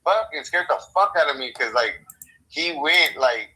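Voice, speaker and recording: A man's voice: fairly high pitch, expressive, normal speed, pushed and bright, low-quality recording. A young American man on a podcast, rambling and swearing as he tells a story, acting out both sides of a conversation. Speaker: podcast co-host. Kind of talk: casual chat.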